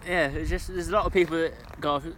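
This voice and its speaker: A British man co-hosting a podcast in casual chat, telling stories in an animated way and swearing freely. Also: a little high, over a noisy crowd. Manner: swearing, quick and animated storytelling. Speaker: podcast co-host.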